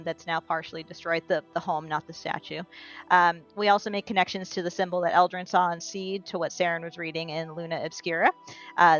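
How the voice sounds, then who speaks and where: A lower-pitched woman runs through what happened last session in a loose, chatty way, pausing now and then to fix a word. The recording is dull and lo-fi, with faint music playing underneath. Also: a bit bright. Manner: chatty, self-correcting storytelling. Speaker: player giving a session recap. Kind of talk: casual recap of a tabletop game.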